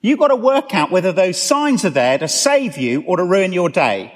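Old Australian clergyman, 70s, blunt and cautionary, a man plays him; lively voice, reverberant hall. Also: high-pitched, moderate pace. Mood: warning. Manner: blunt, warning, matter-of-fact.

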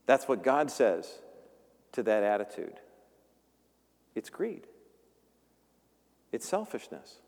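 A man's voice: mid-range voice, very animated, slow pace, pauses often, darkish tone. A male pastor giving a conversational sermon, joking and acting out the voices in the story. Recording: long reverb of a large room.

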